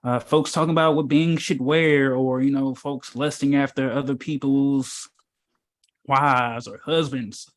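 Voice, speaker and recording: A man's voice: medium pitch, steady tone, measured pace. Casual preachy man, rambling and emphatic. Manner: emphatic, rambling, with many fillers and rhetorical questions. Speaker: spiritual teacher in an informal meetup.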